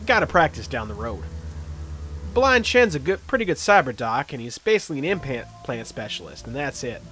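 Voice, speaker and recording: A man's voice: medium pitch, big pitch swings, fairly quick, fairly bright tone, faint music behind. A man voicing a chatty, cheerful male orc street surgeon in a video game, friendly and joking. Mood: eager.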